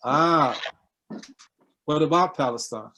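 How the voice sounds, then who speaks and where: A man's voice: fairly high pitch, takes it slowly, pushed and bright. A middle-aged man giving a seminar lecture, often putting questions to his students and repeating key words, with frequent fillers.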